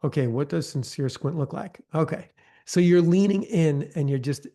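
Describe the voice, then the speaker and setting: On a video call, a man leads a live online training session in a somewhat high, mellow voice at normal speed. His style is conversational coaching, peppered with check-ins like "okay?" and "right?"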